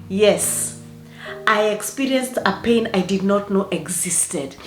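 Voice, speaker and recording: A woman, a life coach telling her personal story in an expressive way, with dramatic exclamations. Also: mid-range voice, measured pace. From Africa. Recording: roomy echo with faint background music.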